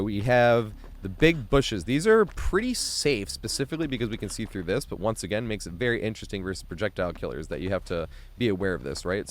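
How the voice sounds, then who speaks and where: A man giving gameplay commentary, sarcastic, breaking into yells and laughs. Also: fairly low pitch. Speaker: gaming YouTuber.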